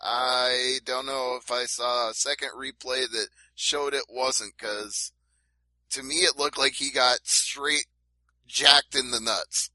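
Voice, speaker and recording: Bright-voiced emphatic male podcast co-host. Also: mid-range voice, fairly even intonation, slow pace, dry recording, poor audio. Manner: emphatic, lays out events step by step. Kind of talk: casual MMA talk.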